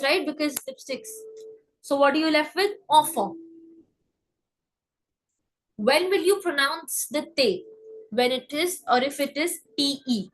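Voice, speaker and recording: A woman giving a live online French class, breaking words down and repeating them slowly, often checking in with "okay?". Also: sits high, fairly bright tone, rough recording. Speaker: French teacher.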